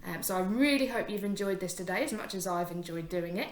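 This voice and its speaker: A woman's voice: medium pitch, lively intonation, quick pace, roomy sound. Encouraging woman teacher sounding out words. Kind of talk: phonics lesson for young children.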